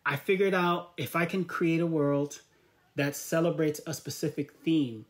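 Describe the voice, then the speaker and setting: A man's voice: fairly high pitch, moderate pace. A man, a guest in an interview, talking casually about his work as an artist and educator, and telling his story with quoted dialogue. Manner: lively storyteller who acts out quoted dialogue.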